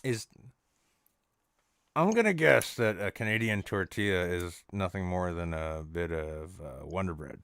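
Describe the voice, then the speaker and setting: A man's voice: deep voice, expressive, a little slow, a bit bright, smooth, no echo, studio quality. A man doing an improvised comedy bit, rambling in a mock-serious tone with lots of restarts. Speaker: podcast co-host.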